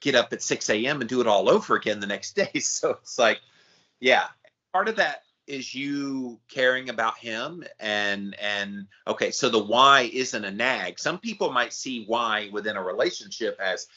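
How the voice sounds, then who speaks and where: A man's voice: mid-range voice, normal speed, bright, forceful tone, dull audio. A man hosting a podcast, chatting casually with his cohost and often restarting his sentences. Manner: conversational, frequent restarts. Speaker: podcast host.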